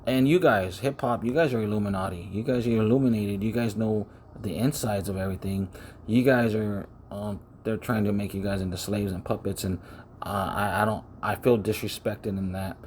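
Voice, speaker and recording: A man's voice: on the low side, normal speed, darkish tone, a little hiss or hum. Rambling man preaching close to the mic. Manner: rambling, repeats words, chants names. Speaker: self-styled preacher. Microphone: close to the microphone.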